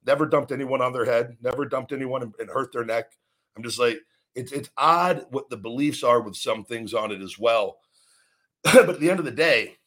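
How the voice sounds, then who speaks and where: A man of ordinary pitch hosts his own podcast in a solo rant. He talks bluntly and combatively, swearing freely and often restarting or repeating his sentences mid-thought. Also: a bit bright. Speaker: podcast host.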